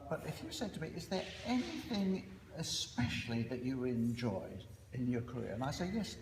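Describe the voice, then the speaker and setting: Older Cockney man, after-dinner speaker, animated pitch, echoey hall with background noise. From East End of London. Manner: anecdotal, self-deprecating, frequent "uh" pauses.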